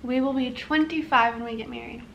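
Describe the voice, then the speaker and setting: A woman's voice: a little high, fairly even intonation, fairly quick, gravelly, a bit bright, dull audio, a little hiss or hum. A young woman vlogging, chatting casually and reading out questions to her husband. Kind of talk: casual chat.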